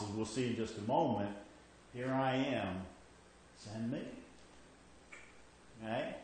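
A man preaching a sermon in a conversational way, often checking in with "okay?" and dropping quiet when he reads scripture aloud. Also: very echoey, a little hiss or hum, poor audio. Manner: rises for emphasis, then drops low and quiet when reading scripture.

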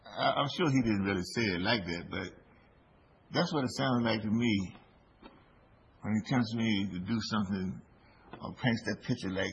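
Male preacher, low gravelly voice, unhurried delivery, dull lo-fi recording with faint noise. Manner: slow, deliberate preaching with emphatic rises. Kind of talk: sermon.

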